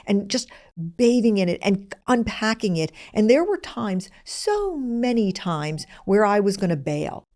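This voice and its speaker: A woman's voice: lowish voice, darkish tone. A middle-aged woman who hosts the show, telling a personal story in a candid, self-deprecating way. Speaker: host.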